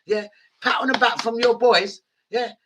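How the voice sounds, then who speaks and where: A woman's voice: fairly high pitch, fairly even intonation, normal speed, background noise. A woman radio DJ, ranting angrily and addressing listeners directly. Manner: angry, indignant, direct address. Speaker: radio DJ and host.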